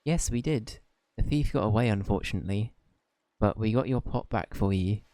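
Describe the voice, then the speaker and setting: An earnest, polite young boy hero, read by a man who asks plain, sincere questions. The tone is low and mellow, quietly warm. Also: normal speed, no room sound, natural voice.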